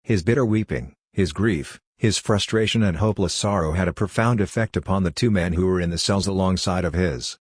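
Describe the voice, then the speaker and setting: A man narrating an audiobook in a measured, even reading style. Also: low voice, slightly rough, dry recording, clean studio sound. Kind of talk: scripted narration.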